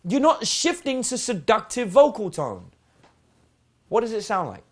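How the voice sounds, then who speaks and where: A man teaching a dating seminar in a lively, casual way, swearing now and then and acting out example lines. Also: high voice, a little slow. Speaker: dating coach. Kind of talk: spoken seminar lesson.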